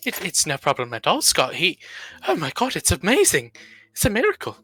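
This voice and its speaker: A man's voice: a little high, wildly swooping pitch, a little fast, pushed and bright, husky, dry recording, faint music behind, voice pushed up, full character voice. A man doing a vain actor with a fake fancy accent. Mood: flattered. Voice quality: put-on fancy accent, called terrible. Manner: polite, gushing thanks. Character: vain nervous male actor in an ascot.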